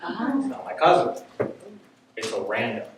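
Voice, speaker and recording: A man telling a story live on stage, animated and often laughing as he speaks. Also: mid-range voice, unhurried. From United States. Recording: very echoey room, distant mic, faint noise.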